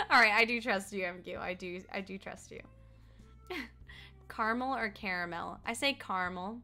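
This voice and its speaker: Faint music plays behind this Colorado woman in her twenties as she chats with her stream mid-game, laughing a lot and responding to chat. Her mid-range voice is bright and forceful, swinging widely in pitch at a moderate pace.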